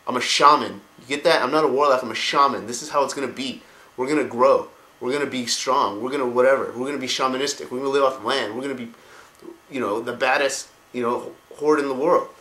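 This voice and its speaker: A man's voice: mid-range voice, fast talker, pushed and bright, roomy sound, natural voice, rough recording. A man voicing a brash young male orc chieftain, talking cocky and profane.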